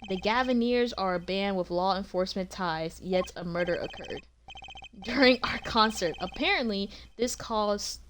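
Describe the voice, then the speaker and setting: A woman's voice: mid-range voice, normal speed, a bit bright, slight background noise, lightly acted. A woman reading as a suave rock star prosecutor. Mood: smug.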